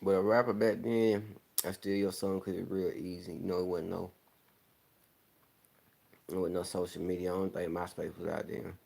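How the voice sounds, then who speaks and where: A man's voice: sits low, little pitch movement, moderate pace, creaky, long pauses, mellow. A young man from the American South with a country accent, chatting casually in a loose, rambling way, slurring words a little and laughing often. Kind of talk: casual chat.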